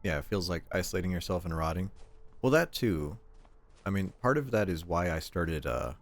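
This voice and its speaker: Animated and low-voiced, a young male streamer chats casually at normal speed. His talk wanders, words get repeated, and he does voices for his family when quoting them.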